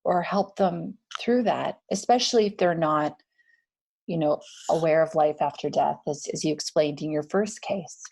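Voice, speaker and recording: Low-voiced woman podcast host. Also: moderate pace, vocal fry. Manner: soft, searching questions with many fillers. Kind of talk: conversational podcast interview.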